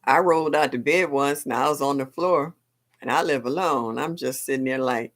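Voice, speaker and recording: An older woman hosts a live stream, chatting casually, exclaiming often and laughing a lot. Her voice is extremely low and she talks fairly quickly.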